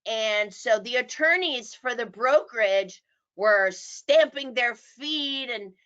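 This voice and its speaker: A middle-aged woman teaching real estate agents, animated and acting out quoted people. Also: on the high side, takes it slowly. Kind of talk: presentation. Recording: dull lo-fi audio.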